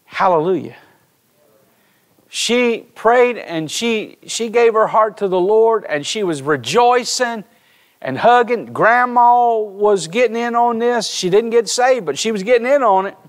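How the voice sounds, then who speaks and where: A man's voice: high voice, unhurried. A man preaching a sermon in a church, telling stories and speaking directly to his congregation. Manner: storytelling preacher, animated, addresses congregation directly. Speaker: pastor. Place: church sanctuary.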